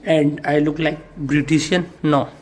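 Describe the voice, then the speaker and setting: A man with an Indian accent, vlogging casually at home in broken English, playful and excitable, often laughing. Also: a little high, a little slow, background noise. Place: home room.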